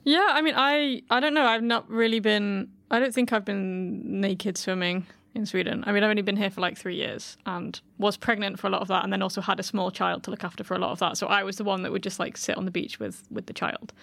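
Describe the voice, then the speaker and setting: A woman's voice: mid-range voice, fairly even intonation, brisk, vocal fry, hardly any pauses, a bit bright, no echo. A woman from the UK, chatting casually on a podcast panel, with lots of "like".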